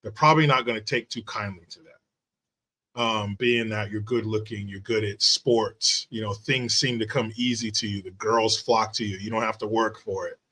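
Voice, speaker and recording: A man's voice: on the low side, fairly even intonation, moderate pace, sharp tone. A man hosting a casual interview, chatty and meandering as he sets up long questions. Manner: chatty, meandering, many fillers. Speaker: podcast host.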